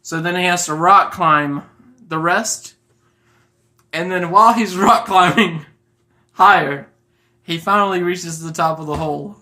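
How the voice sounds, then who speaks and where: Man storyteller, bright tone, rambling, filler-heavy comic improv. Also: sits high, measured pace, long pauses. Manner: rambling, many fillers, laughs at own story.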